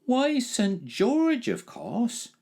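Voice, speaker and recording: A man's voice: very high-pitched, wildly swooping pitch, extremely slow, gravelly, darkish tone, pitched above the performer's own voice, full character voice. A man reading a storybook aloud, voicing a cheerful village boy full of eager gossip. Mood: excited. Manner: chirpy, eager.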